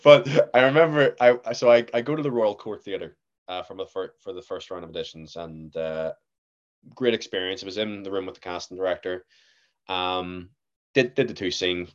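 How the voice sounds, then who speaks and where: A young man, an actor, telling a story in casual chat, relaxed, with many fillers and laughs. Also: low voice, moderate pace, lo-fi sound. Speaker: actor, guest.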